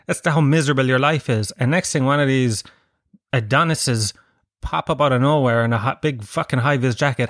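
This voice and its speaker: A man's voice: medium pitch, moderate pace, fairly bright tone, no room sound, studio quality. An Irish man hosting a podcast, telling self-mocking comic stories with plenty of swearing. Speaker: podcast host. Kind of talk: solo comic storytelling.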